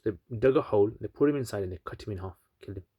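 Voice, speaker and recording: A man's voice: fairly low pitch, very fast, warm tone, breathy edge, no echo, studio quality. A man casually retelling a religious story, chatty with many asides and fillers.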